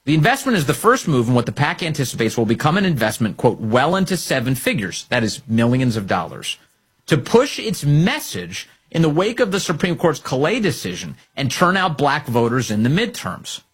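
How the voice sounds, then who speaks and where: A husky-voiced man hosting a political commentary monologue, his delivery sarcastic and mocking. His pitch swings widely as he hammers his points with emphatic stress. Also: big pitch swings, normal speed. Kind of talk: opinion monologue.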